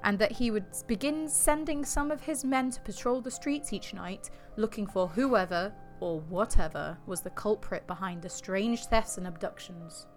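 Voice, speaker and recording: A woman's voice: medium pitch, normal speed, hardly any pauses, soft background music. A woman co-hosting a podcast, telling a creepy story in a jokey, giggly way and swearing casually. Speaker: podcast co-host.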